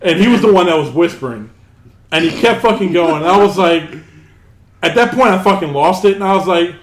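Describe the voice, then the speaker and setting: Profane, animated young man, echoey room. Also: high-pitched, brisk. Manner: profane, animated storyteller quoting others. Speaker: podcast co-host. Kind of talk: casual storytelling chat.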